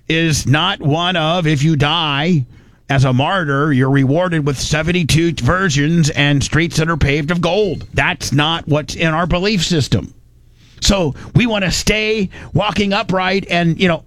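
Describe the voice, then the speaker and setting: A man's voice: fairly high pitch, a bit bright, dry recording. A man hosting a talk radio show, talking bluntly and mockingly, rambling with restarts. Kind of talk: loose opinionated talk radio banter.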